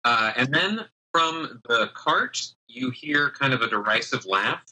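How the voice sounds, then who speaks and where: Bright-voiced male game master. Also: mid-range voice, animated, rough recording. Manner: halting, many fillers. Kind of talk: narrating a tabletop game.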